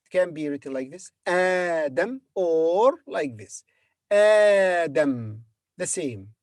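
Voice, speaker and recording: A man gives a very slow, patient language lesson. He repeats each word carefully and stops often to hesitate. The sound is dry and close, with no room echo. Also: fairly high pitch, lively intonation, a little mellow. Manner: patient, repeats words slowly with hesitant fillers. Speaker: Arabic teacher.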